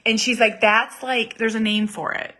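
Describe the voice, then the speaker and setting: Woman, 30s, casual vlog host; bright tone, rambling and self-mocking. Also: a little high, little pitch movement, moderate pace. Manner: chatty, self-deprecating, laughs often. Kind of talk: casual chat to viewers.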